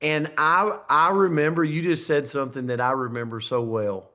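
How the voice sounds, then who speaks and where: A man's voice: a little high, steady tone, moderate pace, sharp tone. A man leading a company video call, effusively congratulating a team member and hyping up the audience. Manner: enthusiastic, effusive, hype-building. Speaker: network marketing company leader.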